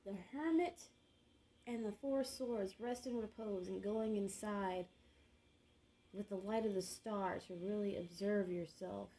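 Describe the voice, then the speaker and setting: A woman's voice: mid-range voice, measured pace, warm tone, rough recording. A woman reading tarot cards, musing and murmuring card words to herself in a slangy, chatty way. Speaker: tarot reader.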